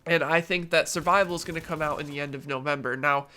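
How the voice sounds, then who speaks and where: Talking fast with fairly even intonation, a young man with a slightly high, sharp voice gives earnest, opinionated commentary in a casual gaming vlog. His speech is nasal and congested due to allergies, and he uses fillers like a relaxed conversationalist.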